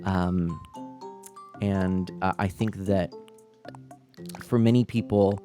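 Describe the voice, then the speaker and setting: A man's voice: low-pitched, steady tone, takes it slowly, warm tone, faint music behind. A man in his thirties hosting a family-friendly live stream, chatting loosely with viewers and laughing often. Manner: rambling and chatty, giggly, many fillers and restarts. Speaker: livestream host. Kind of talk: casual live-stream chat, reading viewer comments.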